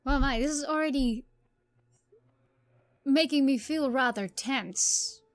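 A woman's voice: high-pitched, slow, dry recording. A woman playing a game and reading its dialogue aloud, with asides to her viewers. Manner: reads dialogue with light reactions and asides. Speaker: game streamer.

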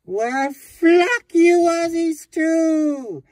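A man voicing a tired, exasperated male traveler who swears loudly in drawn-out outbursts. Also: fairly high pitch, lively intonation, slightly rough, dry recording, voice pushed up, full character voice. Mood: furious. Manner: swearing, loud, slow outbursts.

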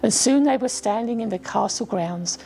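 A woman reading her own children's story aloud as a storyteller, gently voicing the children's lines. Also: fairly high pitch, moderate pace, gravelly, slight background noise. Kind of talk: storybook narration.

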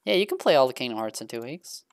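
A woman co-hosting a casual gaming podcast, laughing often and getting animated when excited. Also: a bass voice, quick pace, no room sound. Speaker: podcast co-host. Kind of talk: casual chat.

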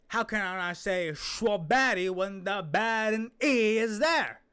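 An excitable young man talks through a reaction video in a loose, rambling way. He often loses his thread and starts over. His voice sits a little high for a man. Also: clean tone. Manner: excitable, rambling, trails off and restarts. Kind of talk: casual reaction commentary.

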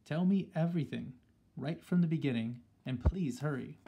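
A man voicing a shrewd, excitable old grandmother who talks in a brisk, commanding way. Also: on the high side, a little hiss or hum, lightly acted.

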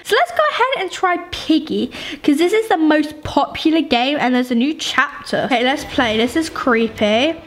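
A young woman giving excitable gaming commentary, shrieking and pleading with characters on screen. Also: high voice, moderate pace, few pauses, slight background noise. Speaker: gaming YouTuber. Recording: game music behind voice. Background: music.

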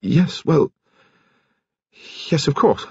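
A man's voice: on the high side, animated, drawn-out words, gravelly, breathy edge, no echo, highs cut off, pitched above the performer's own voice, heavily acted. A man voicing an earnest, impulsive young man in love in an audiobook, talking in an eager, insistent way. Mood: defiant.

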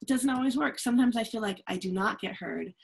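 A woman's voice: fairly high pitch, quick pace, creaky. A woman hosting a podcast, speaking candidly and openly about her own experiences. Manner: candid, open, soft-spoken reflection with laughs. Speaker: podcast host. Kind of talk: interview conversation.

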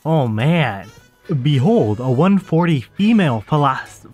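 A man with a slightly high-pitched voice chats through his own gameplay in a loose, let's-play manner. He talks straight to his viewers and grumbles when the game goes wrong. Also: very animated, unhurried, darkish tone, faint music behind. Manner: chatty, easily exasperated, talks to the audience while playing. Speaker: gaming channel host. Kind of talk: casual let's-play commentary.

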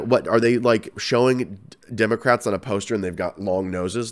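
A man's voice: lowish voice, normal speed. A man with a cold hosting a podcast, rambling and swearing through casual ranting commentary. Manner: rambling, profane, animated. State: has a cold. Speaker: podcast host and comedian.

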